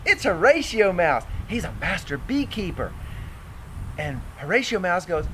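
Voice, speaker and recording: High-voiced man telling a kids' story. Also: moderate pace, a little hiss or hum, low-quality recording. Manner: animated, addresses kids directly. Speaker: children's storyteller. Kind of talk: children's story narration.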